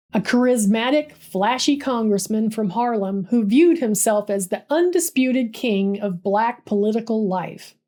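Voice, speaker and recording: A woman with a fairly high voice narrates a history story from a script. She builds tension with a vivid, dramatic storytelling manner. Her delivery stays steady and polished.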